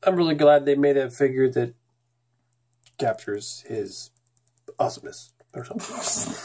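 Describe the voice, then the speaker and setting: Man, toy reviewer, casual chat, relaxed, hesitant. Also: medium pitch, normal speed, long pauses, noisy background.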